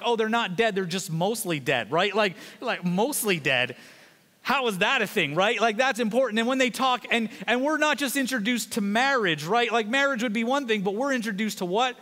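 A man pastor preaching a sermon in a fast, conversational way, with joking asides to the congregation. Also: high voice, sharp tone, in a large hall.

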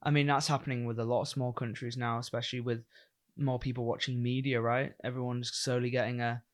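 A man's voice: mid-range voice, little pitch movement, fairly quick. A man from England hosting a podcast, talking in a chatty, loose, rambling way and swearing freely. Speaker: podcast host. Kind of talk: casual chat.

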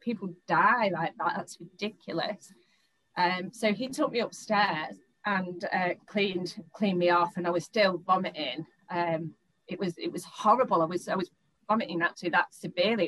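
A woman's voice: fairly low pitch, a bit bright, rough recording. A young woman, recounting a personal experience in an interview, often stopping, restarting and repeating words.

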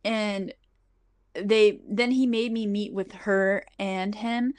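A woman's voice: medium pitch, fairly even intonation, slow, darkish tone. A young adult woman telling a story on a podcast in a casual, profane way, saying "like" often. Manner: chatty, profane, heavy use of "like". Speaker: podcast host.

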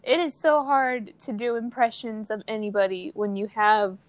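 A young woman in relaxed podcast banter, her voice a little on the high side. She is playful and giggly, tossing in quick asides. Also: no echo. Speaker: podcast co-host. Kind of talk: casual chat.

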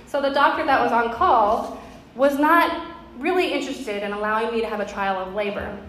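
A woman's voice: fairly high pitch, lively intonation, moderate pace, fairly bright tone. A woman pastor in her thirties preaching a sermon, telling a personal story in an earnest, conversational way. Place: church sanctuary. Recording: very echoey hall with faint background noise.

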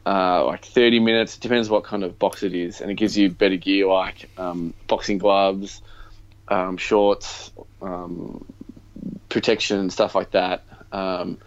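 A man's voice: low voice, fairly even intonation, a little slow. A man co-hosting a podcast, chatting casually about games in a rambling way with lots of ums and likes. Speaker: podcast co-host. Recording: dull lo-fi sound.

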